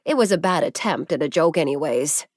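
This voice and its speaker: In a low voice, a woman reads an audiobook steadily and evenly, as a storyteller would. It's studio quality, with no room sound at all.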